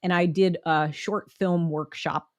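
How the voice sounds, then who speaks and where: Host: young American woman, low-ish voice, upbeat and encouraging, close dry recording. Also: fairly even intonation, measured pace, dry recording. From United States. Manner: upbeat, chatty, encouraging, breaks into laughs. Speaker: podcast host. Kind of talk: solo motivational podcast talk.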